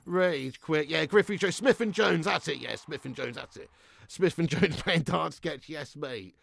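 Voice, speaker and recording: A man's voice: on the high side, lively intonation, moderate pace, gravelly, fairly bright tone, dry recording. A man live-streaming a football game, chatting loosely with his viewers, swearing and laughing often. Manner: swearing, laughing, rambling banter with chat. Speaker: streamer reading chat. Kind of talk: casual live-stream chat.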